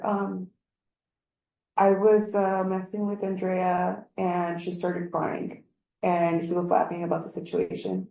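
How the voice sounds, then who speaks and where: A woman's voice: fairly low pitch, monotone, takes it slowly, vocal fry, warm tone, roomy sound, low-quality recording. A woman giving a rambling account of a workplace incident in an interview, acting out what others said. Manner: rambling, acts out quoted dialogue. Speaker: employee giving a workplace statement.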